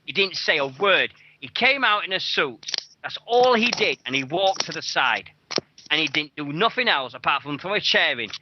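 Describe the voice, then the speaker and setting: A British man co-hosting a wrestling radio show, chatting excitably, laughing often and swearing freely. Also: a little high, normal speed, background noise. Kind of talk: casual podcast chat. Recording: dull lo-fi podcast audio.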